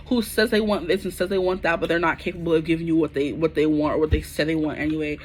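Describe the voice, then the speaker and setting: A woman in her twenties doing a casual, chatty tarot reading to camera, full of slang and animated asides. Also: sits low, fast, slight background noise. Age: 20s. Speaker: tarot reader.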